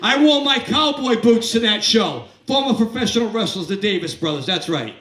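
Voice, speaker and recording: A man's voice: high-pitched, expressive, moderate pace, fairly bright tone. A man in his fifties doing a stand-up set in a comedy club, telling crude, rambling stories and working the crowd. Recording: echoey club, from a distance.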